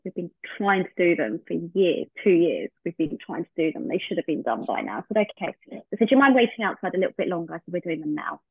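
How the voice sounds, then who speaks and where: A woman's voice: lowish voice, creaky, slightly rough, no room sound. A woman, a podcast guest, telling a heartfelt personal story and acting out the remembered dialogue. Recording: tinny phone-like line, dry.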